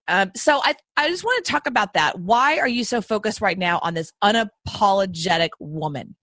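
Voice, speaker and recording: A woman's voice: mid-range voice, animated, normal speed, fairly bright tone, no room sound. Woman, podcast host, bubbly, enthusiastic, rambling, dry close sound. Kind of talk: casual interview chat. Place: Austin.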